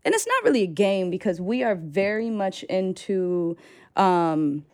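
A woman hosting a casual talk, telling stories in a lively, slangy way. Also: mid-range voice, measured pace. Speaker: host. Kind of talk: casual chat.

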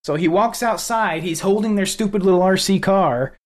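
A man with a slightly high voice co-hosts a casual podcast. He retells events in an animated way and swears freely. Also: moderate pace. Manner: profane, animated retelling of a news video. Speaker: podcast co-host. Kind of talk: casual political podcast chat.

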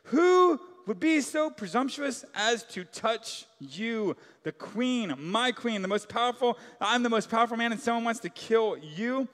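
Man acting out a high-voiced, indignant ancient king, in a long-echo hall. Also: lively intonation, measured pace, hardly any pauses, a bit bright, heavily acted. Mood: outraged. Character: outraged ancient king, male, proud and commanding.

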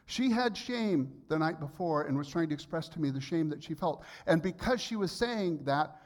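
60s guy preaching in church, tells his own story, gets loud and emphatic sometimes. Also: fairly high pitch, lively intonation, moderate pace, few pauses. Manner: personal storytelling, rising to emphatic outbursts. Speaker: pastor. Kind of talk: sermon.

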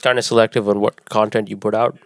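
A man's voice: on the low side, level tone, fast, no room sound. A man co-hosting a casual podcast, blunt and teasing, giving advice and cursing freely. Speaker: podcast co-host.

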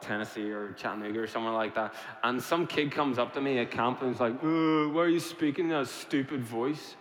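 A man's voice: medium pitch, a bit bright. A man preaching a sermon, emphatic and repetitive, posing rhetorical questions to his congregation. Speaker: pastor. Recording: echoey hall reverb.

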